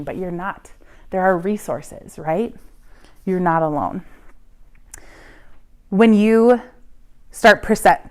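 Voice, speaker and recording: A woman who is a student pastor, teaching parents in a church class in an earnest, coaching way and often checking in with "right?". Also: on the low side.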